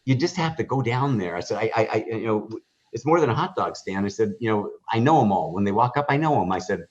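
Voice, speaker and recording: Rambling, excitable man with a low voice. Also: fast talker. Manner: rambling, full of fillers and restarts, acts out quoted dialogue. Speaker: guest, hot dog stand owner. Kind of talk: animated storytelling in an interview. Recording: dull lo-fi podcast audio.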